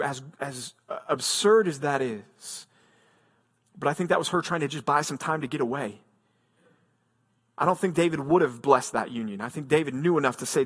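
A man's voice: fairly high pitch, moderate pace, fairly bright tone. A man preaching a sermon as pastor, reading scripture aloud and then explaining it in an earnest, emphatic way.

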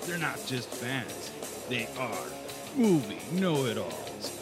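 A man reading a scripted radio promo in a dramatic announcer delivery. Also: medium pitch. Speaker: station announcer. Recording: voice over loud guitar music.

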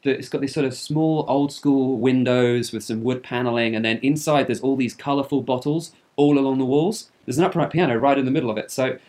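A man's voice: mid-range voice, fairly even intonation, a little fast, hardly any pauses, a little mellow. A man co-hosting a podcast, telling travel stories in a chatty, jokey way. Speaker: podcast co-host. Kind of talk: casual chat.

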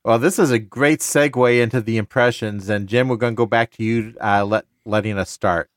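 A man's voice: mid-range voice, steady tone, no room sound, studio quality. Eager male podcast co-host. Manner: enthusiastic, jumps in with quick asides. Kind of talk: casual book discussion.

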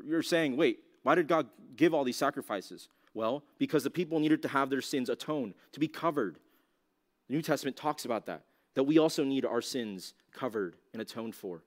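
A male youth pastor gives a teaching talk to young listeners. His voice sits at an ordinary middle pitch, and he speaks loosely and conversationally, often saying "like" and tossing out rhetorical questions. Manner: casual, conversational, heavy use of "like"; asks the audience rhetorical questions.

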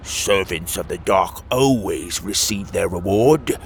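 A man's voice: deep voice, slow, slight background noise. Man doing a snarling, menacing toad warlord. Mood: cold. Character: sinister male toad warlord, cold and commanding.

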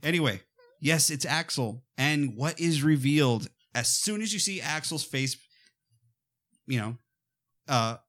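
A man co-hosting a casual podcast about a movie, talking in an animated way and often slipping into quick quoted voices. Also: on the high side. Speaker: podcast co-host.

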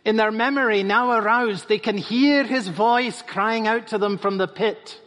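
A man's voice: high-pitched, measured pace, fairly bright tone. A man preaching a sermon as pastor, emphatic and repeating phrases for stress. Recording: reverberant hall.

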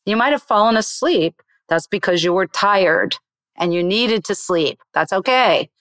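A woman meditation teacher explaining meditation in an interview and then slowly guiding a breathing exercise in a soothing voice. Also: mid-range voice, animated, a bit bright, dry recording.

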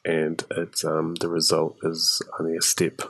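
A man interviewing a guest, speaking in a thoughtful, measured way. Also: extremely low pitch, monotone, a bit bright, no echo, rough recording. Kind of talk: reflective interview questions.

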